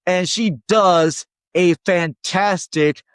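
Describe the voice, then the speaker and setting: A man from Minnesota chats through a movie review in a loose, rambling way, often checking in with his viewers. His voice sits a little high, and his frustration builds as he goes. The recording is dry and close. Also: slow pace, clear, resonant tone, no echo. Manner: rambling and conversational, keeps tagging lines with "all right?"; gets worked up and exasperated. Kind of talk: casual spoken movie review.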